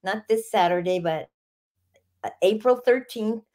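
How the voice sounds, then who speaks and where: A woman's voice: mid-range voice, a little slow, mellow. Woman, 80s, from the Bronx, upbeat, laughs a lot, interview guest. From the Bronx, New York. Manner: upbeat, laughs often, enthusiastic. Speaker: guest, author. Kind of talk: casual interview chat.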